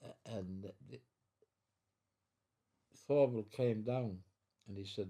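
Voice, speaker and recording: A veteran in his nineties, interviewed at home in his living room, tells his story in a low, dark, mellow voice. He speaks haltingly, stumbling over and repeating words, and takes on the voices of the people he describes.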